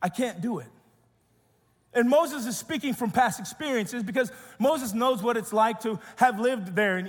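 A man preaching a sermon in an earnest way, swinging between raised emphasis and hushed, quiet passages. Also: high voice. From grew up as an immigrant. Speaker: pastor. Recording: long hall reverb.

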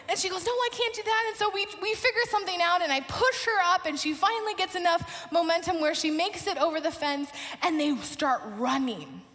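A woman preaching a sermon, telling a personal story in a lively way and acting out the people in it. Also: very high-pitched, big-room sound. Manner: animated storytelling, acts out quoted voices.

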